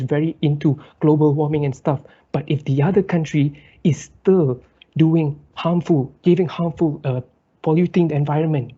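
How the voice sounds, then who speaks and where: A man's voice: on the high side, dark tone, husky, no room sound. A young man from Malaysia, giving a rhetorical, impassioned competitive debate speech. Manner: impassioned, rhetorical, builds in lists and repetition. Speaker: student debater. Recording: dull lo-fi dry recording.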